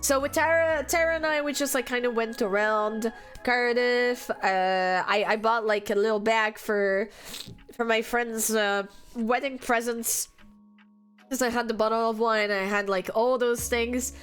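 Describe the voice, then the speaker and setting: A woman's voice: a little high, fairly even intonation, unhurried, a bit bright, clean tone, soft background music. A young woman from France chatting casually on a livestream, giggly and laughing often. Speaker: streamer.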